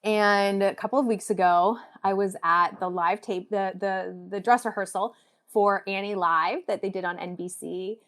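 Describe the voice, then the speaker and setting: A woman on a podcast telling a story from her own life, in a reflective, searching way. Her voice sits at a middle pitch, and she leans on loose fillers as she thinks aloud. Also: steady tone, moderate pace, fairly bright tone. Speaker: podcast guest. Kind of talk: casual conversation.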